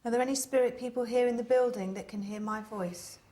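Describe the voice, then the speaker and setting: A woman's voice: a little high, fairly even intonation, a little fast, mellow. A woman leading a séance, coaxing spirits to come forward. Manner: coaxing, pleading, easily startled. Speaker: séance leader. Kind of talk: paranormal investigation.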